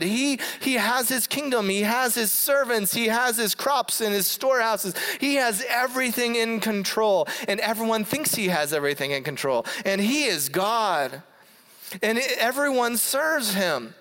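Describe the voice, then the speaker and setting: A preacher giving a sermon to a congregation, reading scripture and then retelling it in a playful, animated way. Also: mid-range voice, unhurried. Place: church hall before a congregation. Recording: long hall reverb.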